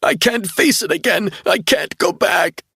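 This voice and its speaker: A man voicing a terrified, sobbing young man in an audiobook, pleading in high outbursts. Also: very animated, normal speed, a bit bright, husky. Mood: panicked, distraught.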